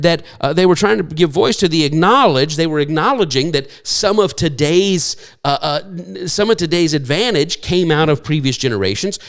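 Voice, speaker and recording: A man preaches a sermon with a fairly high-pitched voice. He rambles, repeating words and filling pauses, and slips into the voices of people he quotes. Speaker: pastor.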